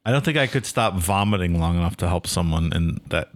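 Joking podcast cohost guy, lively up and down voice, crude wisecracks. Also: deep voice, fairly quick. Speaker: podcast co-host. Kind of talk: casual joking chat.

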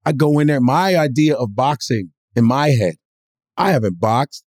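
A male comedian guest telling a story in a casual podcast chat, expressive and profane. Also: mid-range voice, moderate pace, dry recording, studio quality. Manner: expressive, profane, acts out characters.

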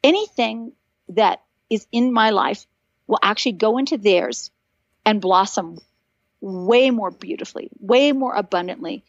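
A woman's voice: mid-range voice, a little slow, dry recording, dull audio. A woman in her fifties, a guest author, telling stories animatedly in a casual podcast conversation and acting out the voices she quotes.

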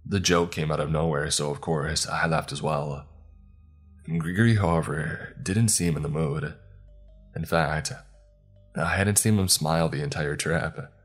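A man narrating a scripted first-person horror story in a calm, steady way. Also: extremely low pitch, a little slow, faint music behind.

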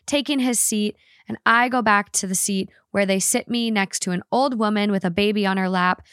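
A woman's voice: medium pitch, fairly even intonation, normal speed, a bit bright, clean tone, no room sound, studio quality. A woman co-hosting a podcast, reading a listener's story aloud with expression and then chatting casually about it.

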